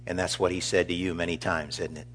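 Deep-voiced man giving a eulogy. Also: flat delivery, a little hiss or hum. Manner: earnest, measured, warmly storytelling. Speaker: pastor. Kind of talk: funeral eulogy.

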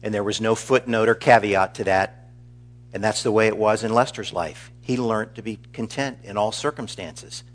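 A middle-aged pastor giving a funeral eulogy, earnest and measured as he tells stories. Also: on the low side. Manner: earnest, measured, warmly storytelling.

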